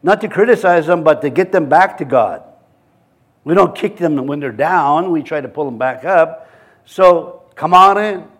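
A man's voice: a little high, animated, normal speed, fairly bright tone. A man preaching a sermon in a church, mixing scripture readings with joking, chuckling asides. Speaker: pastor.

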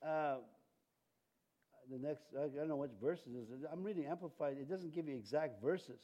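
Chuckling high-voiced pastor. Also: male voice, normal speed, warm tone. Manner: rambling, self-interrupting, chuckling often. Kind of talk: informal sermon. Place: church.

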